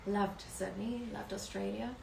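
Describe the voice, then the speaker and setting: Gravelly South African woman guest. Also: medium pitch, steady tone, a little slow, background noise. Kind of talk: casual interview chat. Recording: echoey room.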